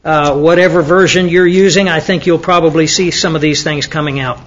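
A man's voice: on the high side, fairly even intonation, a little fast, muffled recording, a little hiss or hum. A man teaching the Bible to students in a conversational way, often asking them questions. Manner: conversational, asks the audience questions, with fillers.

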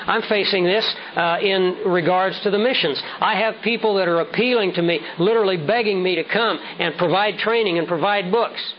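A man preaching a sermon with measured, emphatic delivery, slowing down to stress key words. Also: high-pitched. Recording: dull lo-fi sound with faint noise.

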